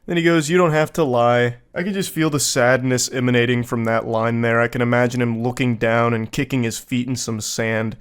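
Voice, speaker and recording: Male online commentator, deadpan, dry sarcastic read, mid pitch. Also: brisk, few pauses, clear, resonant tone. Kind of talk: comedic commentary on text messages.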